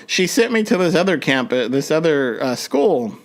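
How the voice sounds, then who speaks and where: A young man, a podcast host telling a personal story in a rambling, halting way, with many restarts and fillers. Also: fairly high pitch, big pitch swings.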